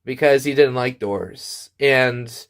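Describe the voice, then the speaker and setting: A man telling an absurd comic story in a deadpan, rambling way, full of restarts and asides. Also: mid-range voice, slow pace.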